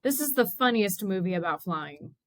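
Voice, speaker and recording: A woman co-hosting a podcast, chatting in a relaxed, joking way. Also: mid-range voice, moderate pace, no echo. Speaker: podcast co-host. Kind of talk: casual chat.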